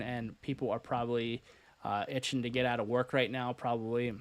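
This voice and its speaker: A man of ordinary pitch hosts a live-stream lesson in a casual, conversational way. He fills pauses with "uh" and corrects himself as he goes. The recording is dry and close to the mic. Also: no echo. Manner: casual, filler-heavy, self-correcting. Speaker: host and cybersecurity instructor.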